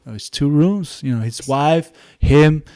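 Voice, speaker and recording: A man's voice: fairly high pitch, a little slow, mellow, smooth, no echo. A man, a musician guest, telling rambling anecdotes in a casual interview chat.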